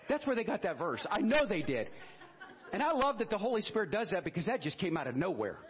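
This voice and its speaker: A man in his fifties, a pastor preaching a lively sermon that moves between joking asides and earnest appeals. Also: high-pitched, fast, lo-fi sound. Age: 50s. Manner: lively, switches between singing, joking and hushed prayer. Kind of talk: sermon with singing and prayer.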